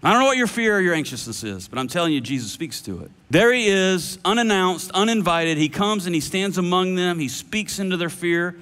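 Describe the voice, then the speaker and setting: A man preaching a sermon as pastor, earnest and dramatic, slowing for emphasis and going soft on quoted words. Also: high voice, expressive. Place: church auditorium. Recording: long hall reverb.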